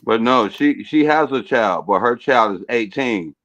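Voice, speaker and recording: A man's voice: mid-range voice, animated, measured pace, fairly bright tone, no room sound. A man on a panel chat, laid-back and slangy in how he talks. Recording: dull lo-fi sound.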